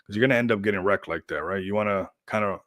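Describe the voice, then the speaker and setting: A man's voice: fairly low pitch, racing, fairly bright tone, no echo, studio quality. A man hosting a crypto livestream, chatting casually in a rambling, upbeat hype style and laughing often.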